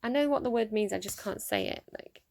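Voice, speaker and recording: Young woman, casual tarot reader, excitable and chatty, reads card texts aloud. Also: a little high, brisk, vocal fry.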